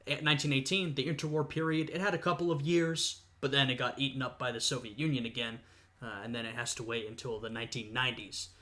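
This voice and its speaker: A young man with a bright, forward voice talks through a history video in a relaxed reaction style. He thinks aloud, filling the gaps with "uh" and "you know" as he explains. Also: mid-range voice, quick pace. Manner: thoughtful, lots of "uh" and "you know". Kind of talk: casual reaction commentary.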